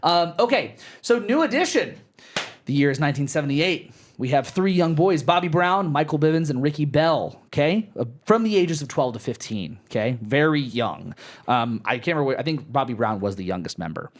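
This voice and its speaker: A man's voice: a little high, animated, fairly quick. Rambling, swearing male podcast host. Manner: rambling, profane, lots of restarts and fillers. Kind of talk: casual live podcast chat.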